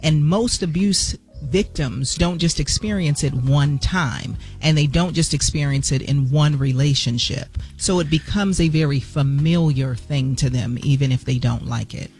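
A man's voice: on the high side, a little slow, few pauses, a little mellow. A man in a casual panel chat, explaining patiently and earnestly. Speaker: podcast guest discussing relationships.

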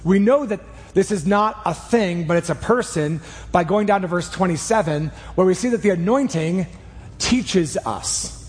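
Pastor guy preaching in church, kinda high voice, emphatic, big reverb. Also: moderate pace. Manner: earnest, emphatic preaching with shifts of pace. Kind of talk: sermon. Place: church sanctuary. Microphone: clip mic.

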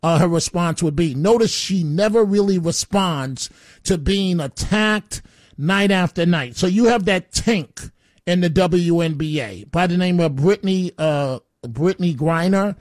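A man's voice: high voice, a little slow, dry recording, studio quality. A man hosting a call-in talk radio show, rambling and opinionated, often stammering as he restarts his sentences.

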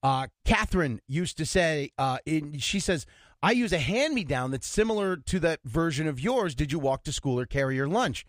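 A man hosting a casual morning radio call-in show in a studio, chatty and quick to laugh. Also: fairly high pitch, dry recording. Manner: lively, chatty, laughs easily. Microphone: studio microphone.

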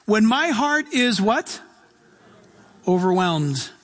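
A man preaching a sermon as pastor, animated, acting out voices and shouting at times. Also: sits high, takes it slowly. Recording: long hall reverb.

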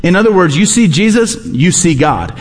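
A man's voice: sits high, big pitch swings, moderate pace, big-room sound. A man preaching a sermon, emphatic and repeating his key phrases. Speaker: pastor.

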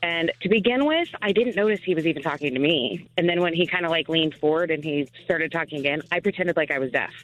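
A man calling in to a radio show, telling a story in a steady, matter-of-fact way. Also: a little high, fast, few pauses, soft background music, rough recording. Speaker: caller.

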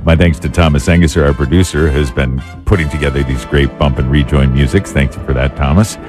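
Very deep-voiced male radio host. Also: fairly even intonation, brisk, over music. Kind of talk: radio talk show hosting.

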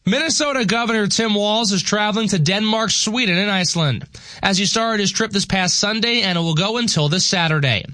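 A man reading radio news headlines in a measured, formal delivery. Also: sits high, pushed and bright, no echo. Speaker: radio newsreader. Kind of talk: scripted news read.

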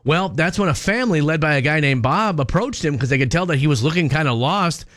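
A man's voice: fairly high pitch, expressive, fast, fairly bright tone, no echo, clean studio sound. A man from the United States hosting a radio show, telling stories in an emphatic, chatty way. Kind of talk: casual radio chat.

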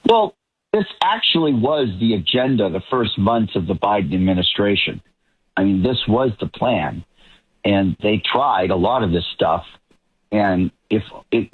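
A man's voice: medium pitch, breathy edge, phone-quality sound. A man from the Boston area giving emphatic political commentary as a talk show guest, often repeating words as he builds a point. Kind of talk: talk show panel discussion.

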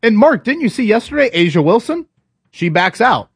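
A man hosting a morning sports talk show in casual chat, emphatic and animated, restarting his sentences often. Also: high voice, normal speed, husky, dry recording, clean studio sound.

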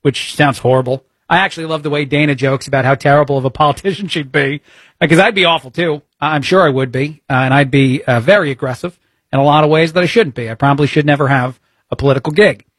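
A man's voice: a little high, fast, a bit bright, slightly rough, dry recording, studio quality. A man filling in as a talk show host, giving blunt opinionated commentary peppered with "uh" fillers. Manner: frequent "uh" fillers, exasperated and blunt.

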